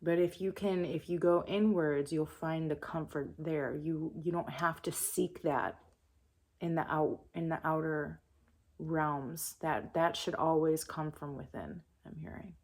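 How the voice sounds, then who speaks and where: A young adult woman giving a channeled spiritual message in a calm, soft-spoken, meditative way. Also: low voice, unhurried. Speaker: spiritual reader.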